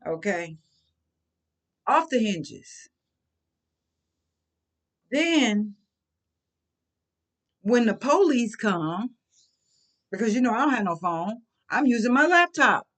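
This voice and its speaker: Middle-aged woman telling what happened, emphatic and animated, super casual talk. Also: mid-range voice. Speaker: vlogger. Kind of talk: personal storytelling.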